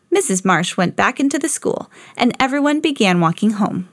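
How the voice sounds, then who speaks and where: A woman hosting a children's read-along, narrating a picture book aloud in an expressive way. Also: fairly high pitch, moderate pace, no echo, clean studio sound. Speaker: host reading to children.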